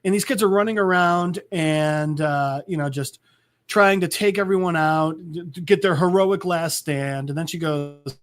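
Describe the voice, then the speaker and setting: A podcast host talks a listener through a comic book scene. His voice sits a bit high for a man. He rambles, stumbles and fills his speech with "like". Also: measured pace. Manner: rambling, full of "like" and restarts. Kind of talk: casual comic book recap.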